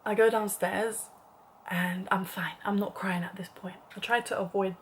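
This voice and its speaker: A woman's voice: medium pitch, fairly even intonation, moderate pace, a little hiss or hum. A young woman telling a dramatic story in a casual vlog, chatty and full of "like", sometimes dropping to a whispered aside. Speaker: vlogger.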